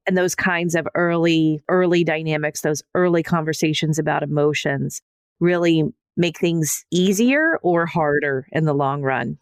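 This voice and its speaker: Low-voiced woman in a dry, close recording. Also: a little slow, clean tone, dry recording. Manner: sets up scenarios and prompts with questions. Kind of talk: podcast conversation.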